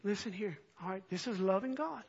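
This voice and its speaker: High-voiced impassioned preacher man. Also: lively intonation, fairly quick, vocal fry, husky. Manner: earnest, swells from soft reading to impassioned near-shouting. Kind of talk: sermon. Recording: dull lo-fi recording.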